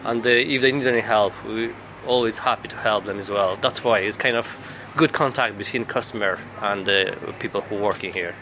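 A man with a bright, sharp voice, answering hesitantly at his workplace. Faint traffic sound is behind him. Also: fairly low pitch, brisk, few pauses, rough recording. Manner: hesitant, polite. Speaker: petrol station worker. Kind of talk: street interview.

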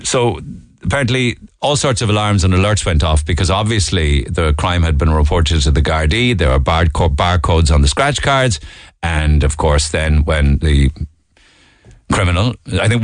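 Irish male talk radio host, middle-aged, low voice, chatty and digressive, dry studio sound. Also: lively intonation, normal speed, no echo. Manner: chatty, with fillers and asides, voice leaping up when indignant. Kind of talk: casual talk radio monologue.

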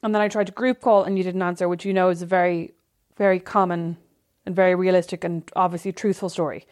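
A woman, co-hosting a podcast in casual chat and telling stories in a lively way, often acting out what people said. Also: lowish voice, fast talker. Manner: chatty, animated storytelling with quoted asides. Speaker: podcast co-host.

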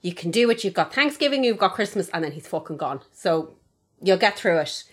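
A woman's voice: on the low side, lively intonation, fairly quick, husky. A woman co-hosting a podcast, talking bluntly and heatedly with plenty of swearing. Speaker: podcast co-host. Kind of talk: casual chat.

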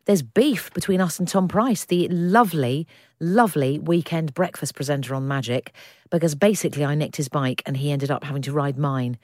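A woman's voice: low-pitched, moderate pace, a little mellow, no room sound, studio quality. A woman co-hosting a podcast, chatting playfully and enthusiastically with her co-host, often laughing. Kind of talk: casual chat.

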